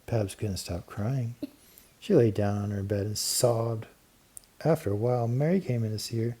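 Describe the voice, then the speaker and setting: A man narrating a children's storybook with steady, clear storytelling and lively emphasis. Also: on the low side, normal speed. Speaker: audiobook narrator. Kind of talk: storybook reading.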